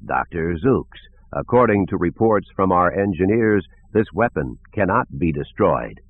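A man's voice: sits low, animated, unhurried. A man reading an old, matter-of-fact general. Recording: tinny phone-like lo-fi audio.

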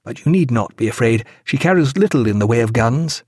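A man's voice: medium pitch, animated, a little fast, a little mellow, slightly rough, no echo, clean studio sound. A man voicing a wry, mildly ironic male ship's doctor.

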